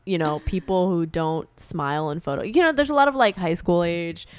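A young woman co-hosting a podcast, chatting casually and lively about a movie. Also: lowish voice, smooth, dry recording. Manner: lively, chatty, quick to agree. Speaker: podcast co-host.

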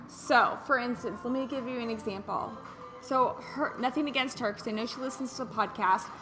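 A woman hosting a casual wellness podcast, telling stories in an animated way and acting out what people said. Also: a little high. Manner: animated storyteller who acts out quotes. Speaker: podcast host.

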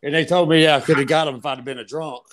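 A man's voice: fairly high pitch, fairly even intonation, fast talker, fairly bright tone. A man, talking casually and profanely on a podcast.

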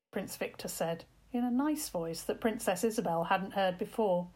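Woman storyteller, gentle and expressive; reads children's tales aloud. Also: medium pitch, normal speed, hardly any pauses. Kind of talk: children's bedtime story narration.

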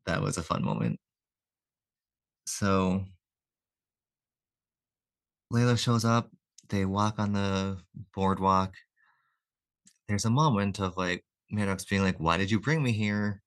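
Low-voiced man recapping comics casually. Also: fairly bright tone. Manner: retells scenes with quick quoted lines, chuckling. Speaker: podcast co-host.

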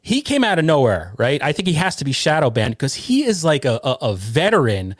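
A man hosting a podcast in excitable, rambling banter, full of movie comparisons. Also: a little high, brisk, no room sound, clean studio sound. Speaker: podcast host.

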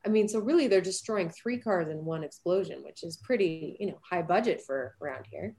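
A gravelly, fairly low-pitched woman's voice comes through a little fast. She's an actress in her thirties chatting casually in an interview, telling animated stories punctuated by plenty of laughter.

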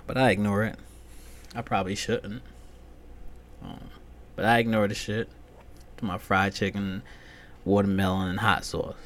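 Profane ranting man, lowish voice. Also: flat delivery, normal speed, long pauses, slight background noise. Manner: profane, swings from loud outbursts to muttered asides. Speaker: podcast host. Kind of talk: solo comedic rant.

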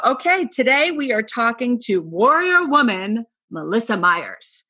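Bubbly husky-voiced woman podcast host. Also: fairly high pitch, very animated, a little slow, sharp tone. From New York. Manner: bubbly and effusive, gushing asides. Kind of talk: podcast interview.

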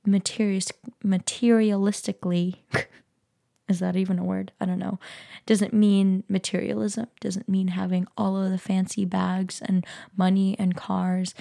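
A woman's voice: mid-range voice, creaky, dark tone. A woman hosting a solo podcast, talking in an earnest, musing way and putting questions to the listener. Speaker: podcast host. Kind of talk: reflective solo podcast talk. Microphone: podcast microphone.

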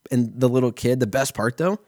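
A man's voice: mid-range voice, fairly quick, darkish tone, no echo, clean studio sound. A man in his thirties telling a rambling, profane everyday story in a casual solo chat, full of fillers like "like" and "you know.". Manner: rambling, heavy swearing, lots of fillers.

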